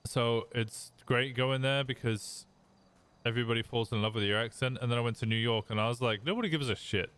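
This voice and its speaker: Smooth-voiced man with an English Midlands accent. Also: mid-range voice, fairly quick. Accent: English Midlands, fairly posh. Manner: relaxed, rambling, reads chat aloud and answers. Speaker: streamer. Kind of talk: casual chat with viewers.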